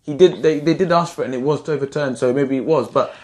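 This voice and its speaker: A man's voice: on the high side, fast, darkish tone. A man, co-hosting a casual football fan chat and ranting animatedly about his team. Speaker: football fan channel host.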